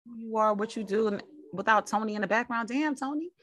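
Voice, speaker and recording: A young adult woman from New Jersey hosting a casual podcast, animated and playful, full of slang. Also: on the high side, brisk, no room sound. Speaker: podcast host. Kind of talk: casual podcast chat and ad read.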